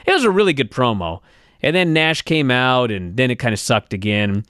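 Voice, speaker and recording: A man's voice: mid-range voice, lively intonation, normal speed, fairly bright tone, clear, resonant tone, dry recording. A man co-hosting a podcast from a studio, chatting casually in an opinionated and profane way. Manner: opinionated, profane wrestling banter. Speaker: podcast co-host. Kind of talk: casual chat.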